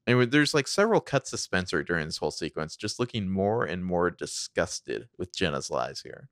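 A man with a very deep voice retelling a TV episode on a recap podcast. He talks in a relaxed, wry way, full of "like" and small laughs. The sound is close and dry. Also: fairly quick, dry recording. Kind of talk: casual chat, narrating scenes.

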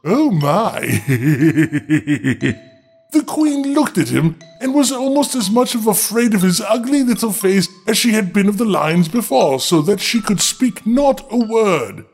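A man's voice: high voice, expressive, normal speed, few pauses, breathy edge, faint music behind. A man reading a fairy tale aloud as host, breaking in with sarcastic comic asides. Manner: sarcastic, joking interruptions. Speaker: storyteller host.

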